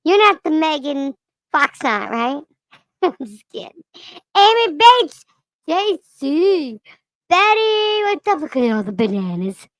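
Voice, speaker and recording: A bubbly livestream lemur with a strikingly high, squeaky voice that has gone a little hoarse. The lemur drawls its greetings slowly and gushes over each viewer. The sound is close and dry, with no room around it. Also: very animated, fairly bright tone, no echo, exaggerated voice. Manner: bubbly, gushing, calls out names one by one. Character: excitable chatty lemur character. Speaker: livestream host.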